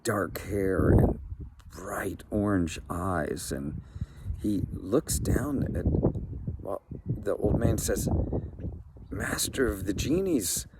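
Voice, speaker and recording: A man narrating a folk tale in a relaxed, conversational way with occasional fillers. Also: low voice, very slow. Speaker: storyteller. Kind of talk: improvised story narration. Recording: background noise.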